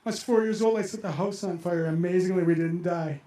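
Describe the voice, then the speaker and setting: An older man in his sixties performs a personal story on stage, animated and emotional as he relives his own reactions. His voice sits fairly high for a man yet sounds mellow and warm. The sound is roomy, carried over a stage microphone. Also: brisk. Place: outdoor amphitheater.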